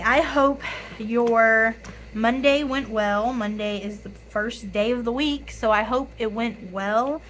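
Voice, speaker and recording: Raspy-voiced young woman, chatty. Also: fairly high pitch, fairly bright tone, slight background noise, low-quality recording. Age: 20s. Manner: chatty, apologetic, counts money aloud. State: hoarse, voice tired. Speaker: budgeting YouTuber. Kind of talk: casual chat to camera.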